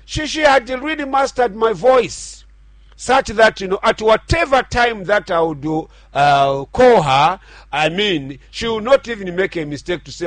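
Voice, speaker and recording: Middle-aged pastor, radio sermon, fairly high voice, slow, dry close sound. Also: male voice, expressive, a bit bright, dry recording. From Zambia. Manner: earnest preaching with repetitions and restarts.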